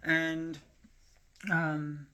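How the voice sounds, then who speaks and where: A woman telling a personal story to camera, emotional and near tears, talking in a halting, rambling way with many fillers and restarts. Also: low voice, monotone, sharp tone.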